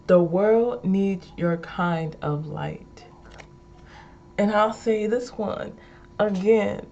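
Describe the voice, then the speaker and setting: Woman vlogger, slow and gravelly, playful and giggly, dull lo-fi recording. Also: mid-range voice, a little mellow, a little hiss or hum. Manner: playful, giggly, repeats lines with emphasis. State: high energy. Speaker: vlogger reading affirmation cards. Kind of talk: casual spoken affirmations.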